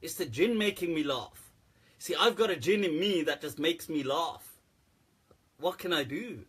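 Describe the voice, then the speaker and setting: Laughing, teasing man with a husky voice. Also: fairly high pitch, takes it slowly, pauses often, a bit bright. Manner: laughs a lot, joking and teasing. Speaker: host of a live Islamic Q&A show. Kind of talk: casual live-stream chat.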